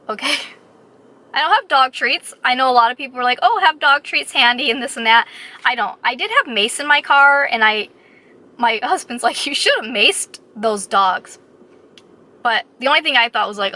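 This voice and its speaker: A woman vlogger casually telling a story to her viewers, animated and acting out the lines of the people in it. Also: fairly high pitch. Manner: animated, retells scenes with quoted voices.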